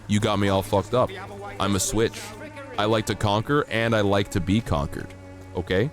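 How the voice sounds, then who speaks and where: A man streaming a game, chatting casually and playfully with his chat, teasing and mock-outraged, laughing often. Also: on the low side. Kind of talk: casual live-stream chat while gaming.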